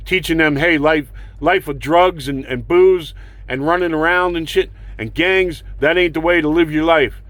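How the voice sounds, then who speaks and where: A man's voice: a little high, a bit bright, dry recording. A man delivering an angry, profane political rant, with sarcastic mocking whoops and heated rhetorical questions. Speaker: political vlogger. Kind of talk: angry ranting monologue.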